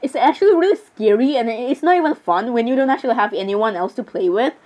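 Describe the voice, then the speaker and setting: A woman's voice: on the high side, lively intonation, quick pace, darkish tone. A young woman giving rambling, giggly commentary while playing a game, with frequent fillers and asides. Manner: rambling, giggly, says "literally" constantly. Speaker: gamer. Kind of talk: casual gameplay commentary.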